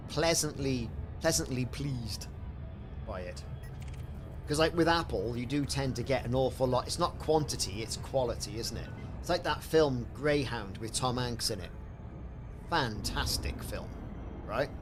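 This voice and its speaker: A man chatting casually while live-streaming a game, rambling and answering viewers. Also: mid-range voice. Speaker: livestreamer.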